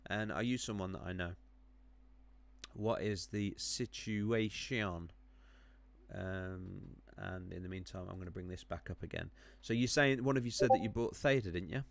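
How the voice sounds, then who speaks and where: A man's voice: sits low, brisk, vocal fry, hardly any pauses, no echo. A man running a live stream on crypto charts, chatting with viewers, rambling with many ums and self-corrections while clicking around.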